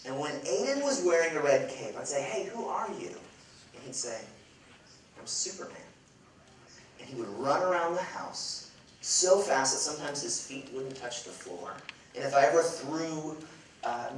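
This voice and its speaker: A man's voice: mid-range voice, slight background noise. Man, 30s, from Chicago, self-mocking event storyteller; very roomy, distant hall sound. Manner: lively, self-mocking, playful asides to the audience. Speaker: event speaker. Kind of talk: humorous storytelling talk. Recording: echoey hall, far from the mic.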